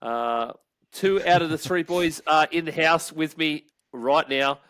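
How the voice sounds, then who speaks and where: A man's voice: on the high side, measured pace, a bit bright, clean tone, no room sound. A man with an Australian accent hosting a casual podcast chat, loose and rambling, swearing and laughing freely. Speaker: podcast host.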